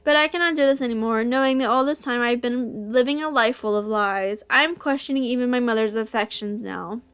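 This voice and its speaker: A woman's voice: a little high, fairly quick, a bit bright, smooth. A young woman reading a visual novel aloud, narrating as the heroine and gushing in reaction. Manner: squeals and gushes when reacting.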